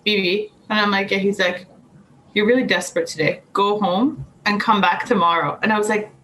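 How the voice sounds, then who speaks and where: Young adult woman, podcast guest, bright tense voice, lively laughing storyteller, faint noise behind. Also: medium pitch, a little fast, low-quality recording. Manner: animated storyteller, laughs often, acts out quotes. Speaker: podcast guest, anxiety coach. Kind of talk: casual interview chat.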